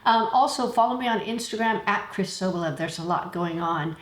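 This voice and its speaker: A woman's voice: medium pitch, brisk. A woman hosting a travel vlog, telling chatty stories and laughing now and then. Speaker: travel channel host. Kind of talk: casual talking-to-camera vlog. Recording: echoey room.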